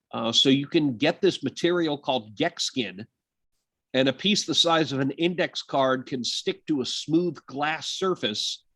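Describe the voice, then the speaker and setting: Brief: male biology lecturer, slow and deliberate, filler-heavy, dry close-miked sound. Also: fairly high pitch, fairly bright tone, no room sound. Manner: conversational, lots of uh and um, self-deprecating asides. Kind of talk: university lecture.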